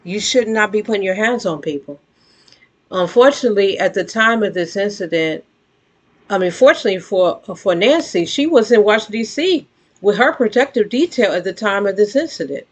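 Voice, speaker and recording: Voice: medium pitch, animated, a little fast, slightly rough. An earnest speaker giving casual spoken commentary. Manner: earnest, conversational, with frequent restarts and emphatic outbursts. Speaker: vlogger commenting on news.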